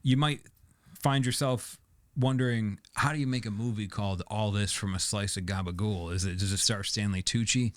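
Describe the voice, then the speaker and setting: A man hosting a podcast in casual chat, relaxed and hesitant, with fillers. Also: lowish voice, normal speed, no room sound. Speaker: podcast host.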